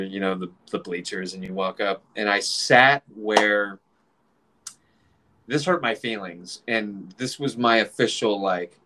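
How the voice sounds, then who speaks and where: Man in his forties, lowish voice, casual storytelling, animated, swears a lot, does voices. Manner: animated, swears freely, acts out other people's voices.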